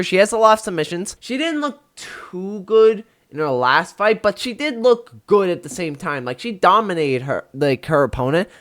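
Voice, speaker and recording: Predicting fights in a laid-back solo video, this young host has a slightly bright voice that sits on the high side. His delivery wanders, packed with filler words and corrections of himself.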